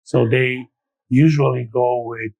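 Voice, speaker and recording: A middle-aged man talks as a guest expert in a podcast interview, at an ordinary middle pitch. He lays things out step by step and often restarts his sentences. The recording is dry and close, with no room sound. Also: fairly even intonation, slow, gravelly, a little mellow, no room sound, lo-fi sound. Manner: explains step by step with frequent restarts.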